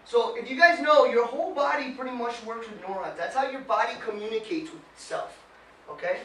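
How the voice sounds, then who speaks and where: A man gives a lively motivational talk to a small group, firing questions at them and mimicking whiny complaints. His voice sits high and carries through a roomy space. It is heard from a distance against faint background noise. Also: a little fast. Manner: animated, quizzes the audience, mimics whiny voices. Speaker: motivational speaker.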